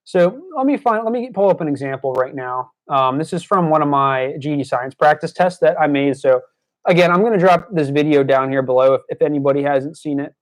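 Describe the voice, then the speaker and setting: Fast-talking young man tutoring live. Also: a little high. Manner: chatty, many fillers and restarts; scolding, exasperated at trolls in chat. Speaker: GED tutor streaming live. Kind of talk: live-streamed lesson, casual talk to chat. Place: indoors at his desk by a screen.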